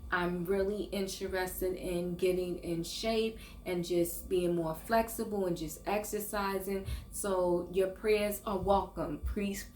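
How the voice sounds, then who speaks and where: A woman's voice: lowish voice, steady tone, takes it slowly, few pauses, a little mellow, a little hiss or hum. Earnest older woman vlogging in echoey room. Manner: earnest, encouraging, with restarts and stumbles. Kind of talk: casual faith and self-help vlog.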